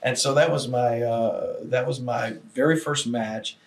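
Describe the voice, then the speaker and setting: An older man, guest in a long interview, telling old stories with lively acted-out quotes. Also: mid-range voice, measured pace. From Southern United States. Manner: animated storyteller acting out quoted voices. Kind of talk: storytelling shoot interview.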